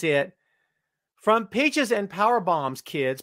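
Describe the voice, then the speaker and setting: A middle-aged man hosts a live-streamed wrestling podcast, greeting viewers by name while joking and teasing them. His voice is slightly high and sing-song, with an unhurried pace and a fairly bright tone. It's picked up by a webcam mic on the stream, yet sounds dry and clean, like a studio.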